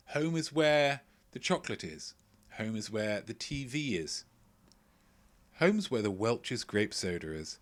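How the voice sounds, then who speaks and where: At home indoors, a man hosts a live-streamed quiz, his voice on the low side with huge pitch swings and a measured pace. He reads out chat messages, adding playful, rambling asides.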